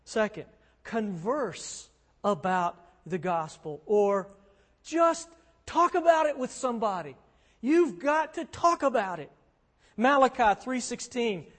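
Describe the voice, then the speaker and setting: In this sermon, a pastor speaks in a very high-pitched, very animated voice, though his pace is slow. He's earnest and conversational, driving points home with emphatic repetition, and the hall gives a long reverb.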